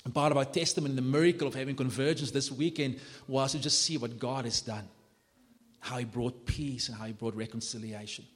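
A man preaching a sermon as pastor, passionate and animated, building to emphatic peaks. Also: mid-range voice, brisk. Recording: long hall reverb.

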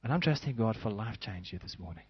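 A man's voice: lowish voice, expressive, fast talker, slightly rough, dry recording, muffled recording. A man preaching a sermon as pastor, acting out little scenes as he goes.

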